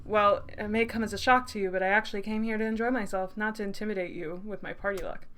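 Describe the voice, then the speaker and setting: Composed sharp-tongued game protagonist, dry put-downs, voiced by a woman. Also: mid-range voice, fairly even intonation, fast talker, close to an everyday voice. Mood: cutting. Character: cool-headed young player character, sharp-tongued. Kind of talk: reading game dialogue aloud.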